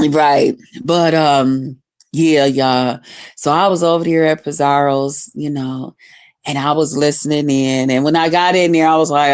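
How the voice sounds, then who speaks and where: This female livestreamer has a low-pitched, clean, slightly mellow voice with fairly even intonation, and she speaks a little slowly. Chatting casually, she tells profane, rowdy stories with heavy cursing and greets her viewers by name as she talks straight to them.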